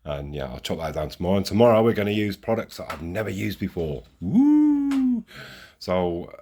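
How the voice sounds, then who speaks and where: Building model railway scenery outdoors, a man vlogs casually in a low, darkish, slightly rough voice, talking fast. He rambles in a chatty, self-deprecating way as he works, swearing now and then.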